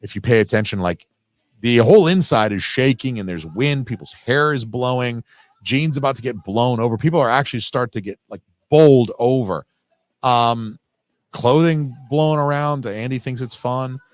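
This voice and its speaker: A man with a medium-pitched voice speaks at a moderate pace in a dry recording. He's doing a live, casual film commentary, cursing freely and drifting into tangents, his talk full of fillers.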